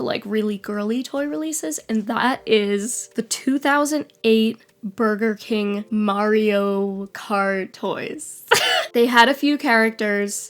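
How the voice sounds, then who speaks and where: A young woman vlogging casually at home while sick, giggling, rambling and swearing freely about childhood toys. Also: on the high side. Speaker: toy nostalgia vlogger. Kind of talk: casual vlog chat.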